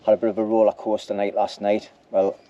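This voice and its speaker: A man's voice: fairly low pitch, flat delivery, quick pace, warm tone, highs cut off. A man talking casually to camera at an outdoor camp, rambling and ending lines with "like", with a snotty nose. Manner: chatty, rambling, says "like" at ends. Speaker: bushcraft vlogger.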